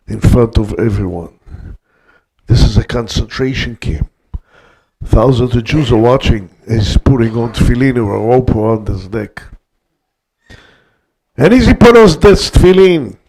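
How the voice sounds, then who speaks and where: An older man, a guest rabbi, telling a story in an emphatic way that swings between hushed passages and loud peaks. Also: medium pitch. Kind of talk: dramatic storytelling talk.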